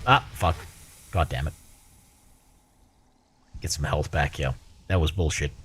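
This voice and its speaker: A man's voice: extremely low pitch, a little slow, fairly bright tone, breathy edge. A man commentating casually on a video game, crude and joking, swearing when he fails. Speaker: streamer.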